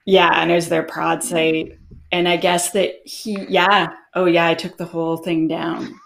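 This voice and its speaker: A woman guest in an interview, telling stories in a lively way, acting out quoted exchanges with big jumps in her voice and frequent laughs. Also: fairly low pitch, measured pace, creaky, a little hiss or hum. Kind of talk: casual interview chat.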